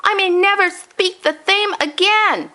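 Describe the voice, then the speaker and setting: A woman reading a storybook aloud, voicing a fussy, distraught old grandfather with a high, wailing, indignant voice. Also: unhurried, pushed and bright, exaggerated voice.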